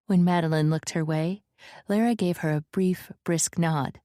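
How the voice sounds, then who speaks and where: A woman narrating an audiobook in a measured, even storytelling manner, close to the mic. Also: on the low side, dry recording. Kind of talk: scripted narration.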